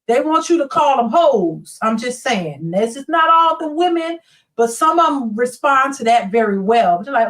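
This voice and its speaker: A fairly high-voiced woman hosting a live stream, chatting bluntly and with plenty of animation. She sits a little back from the microphone, so her voice comes through somewhat distant. She reads viewer comments aloud and drops into quick imitations of other people. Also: very animated, a bit bright. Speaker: live-stream host reading viewer chat.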